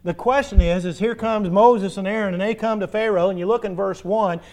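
A man preaching a sermon as pastor, stressing points with rhetorical questions and swinging from loud emphasis to drawn-out soft endings. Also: sits high, steady tone.

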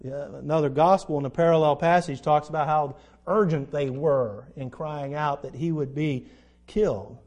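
High-voiced preacher teaching scripture. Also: male voice, normal speed, darkish tone. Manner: conversational, asks the congregation questions, dramatizes quoted lines. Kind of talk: verse-by-verse Bible teaching.

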